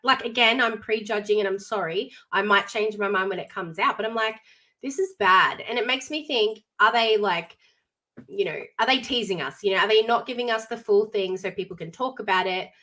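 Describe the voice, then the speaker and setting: A woman co-hosting a live stream, chatting casually about what she has been watching. Her voice sits in a middle range and she reacts with lively emphasis. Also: medium pitch, brisk. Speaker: co-host of entertainment live stream. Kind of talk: casual chat.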